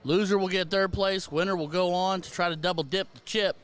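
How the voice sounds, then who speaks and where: A man's voice: sits high, fairly even intonation, brisk, a bit bright, clear, resonant tone. A man with an American accent calling a darts match live, chatty and out of breath, talking to his stream viewers. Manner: chatty, self-deprecating, talks to chat viewers. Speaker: darts commentator and stream host. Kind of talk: live play-by-play commentary.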